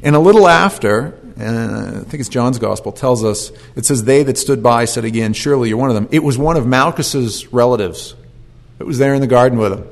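A man's voice: medium pitch, brisk, gravelly. A man preaching a sermon, telling the story with animation and acting out voices.

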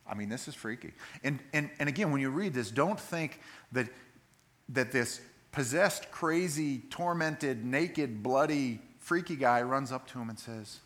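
A man's voice: mid-range voice, normal speed, fairly bright tone. A male pastor giving a sermon, reading scripture and explaining it in a conversational, plain-spoken way.

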